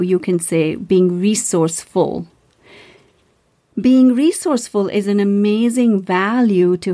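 A woman's voice: mid-range voice, warm tone. A woman hosting a motivational podcast, reading numbered verses and talking them through in an earnest, encouraging way with some fillers and self-corrections. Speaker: podcast host.

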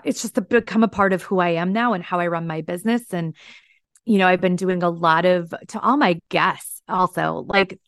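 A woman's voice: fairly low pitch, no echo. A middle-aged woman hosting her own podcast, talking earnestly and gushing with thanks to her listeners, clients and helpers, speaking close to the mic. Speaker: podcast host, business psychic. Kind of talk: heartfelt solo podcast talk.

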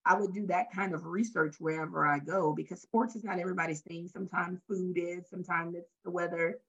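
A Louisiana woman with a Southern US accent, a talent development facilitator, tells lively stories as a guest in a casual interview, acting out lines from her workshops. Her voice is lowish, brisk, and gravelly, in lo-fi sound.

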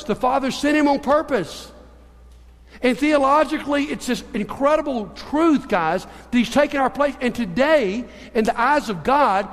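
A man preaching a sermon as a pastor, telling stories in an animated way and moving between hushed and emphatic delivery. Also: extremely high pitch, long reverb tail. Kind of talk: sermon with storytelling.

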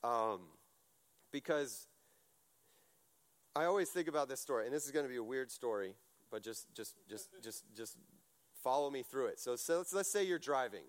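A man preaching a casual sermon, telling stories in a chatty, animated way, full of fillers and restarts. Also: mid-range voice, normal speed, pauses often.

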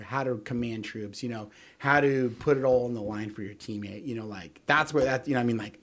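A man co-hosting a casual sports podcast, telling stories with lots of fillers and quick "right?" checks. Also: medium pitch. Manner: animated storyteller, many fillers and "right?"; acts out quotes in other voices. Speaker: podcast co-host.

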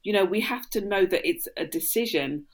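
A woman co-hosting a Christian podcast, reflecting on forgiveness in a calm teaching manner. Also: mid-range voice, normal speed. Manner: affirming listener, then reflective teaching. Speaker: podcast co-host.

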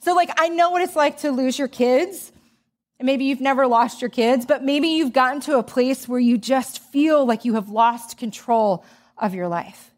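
A middle-aged woman preaching a sermon in a casual, storytelling manner, leaning on fillers and asides. Her voice sits a little high for a woman. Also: normal speed. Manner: chatty, storytelling, lots of "like". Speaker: speaker.

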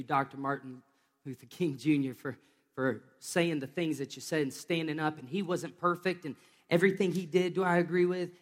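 A man preaching a lively sermon from a church stage, joking with volunteers between points. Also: on the high side, long reverb tail. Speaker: pastor.

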